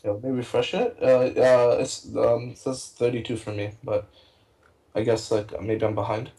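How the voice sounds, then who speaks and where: A young man co-casting a card game tournament in a casual, rambling, excitable way, with many fillers and restarts. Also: mid-range voice, moderate pace, rough recording. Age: young adult. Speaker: tournament co-caster.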